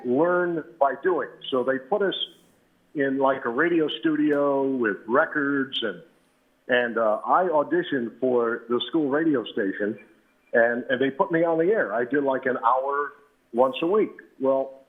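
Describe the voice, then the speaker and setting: A man in his seventies, a veteran radio announcer, relaxed and anecdotal as he tells stories as an interview guest. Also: mid-range voice. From New Britain, Connecticut. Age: 70s. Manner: relaxed and anecdotal, with frequent "uh" and "you know". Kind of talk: reminiscing storytelling. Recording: tinny phone line.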